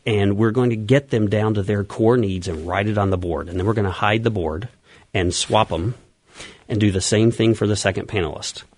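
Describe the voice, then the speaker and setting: A man's voice: lowish voice, normal speed, a little mellow, no room sound. A man being interviewed on the radio as an event organizer and coach, explaining his plans eagerly and at length.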